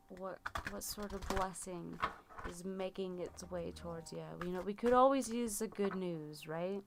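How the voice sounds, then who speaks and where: A woman's voice: fairly low pitch, very noisy. A woman giving a tarot reading on a live stream, chatty and rambling, with many fillers. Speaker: tarot reader.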